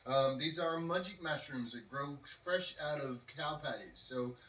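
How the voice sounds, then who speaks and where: A man's voice: on the high side, measured pace, fairly bright tone. A man telling a story on a podcast, rambling with lots of fillers. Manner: rambling, with many fillers and acted quotes. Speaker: podcast host. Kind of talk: casual storytelling. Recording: roomy, distant from the mic.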